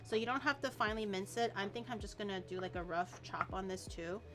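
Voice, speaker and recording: A woman's voice: mid-range voice, quick pace, fairly bright tone. A young woman chatting casually while cooking on her stream, explaining each step and swearing now and then.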